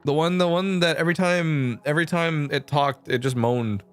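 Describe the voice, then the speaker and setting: A man's voice: a little high, moderate pace, clear, resonant tone, faint music behind. A young man streaming casual chat, rambling and swearing a lot, laughing often.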